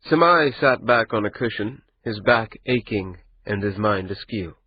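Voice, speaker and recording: Low, husky male audiobook narrator. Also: expressive, a little slow, lo-fi sound. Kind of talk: scripted narration.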